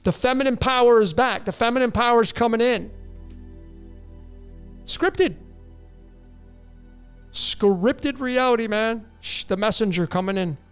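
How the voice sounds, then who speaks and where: A man hosting a show, answering listener questions in a rambling, animated casual monologue. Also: very high-pitched, fairly quick, hardly any pauses, clean tone, soft background music. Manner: rambling, animated, with restarts and laughs. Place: in Mexico.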